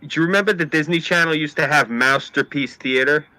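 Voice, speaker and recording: Bright, ranting New York man. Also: fairly high pitch, brisk, no room sound, low-quality recording. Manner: ranting, profane, animated storytelling. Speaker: stream host. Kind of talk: casual chat.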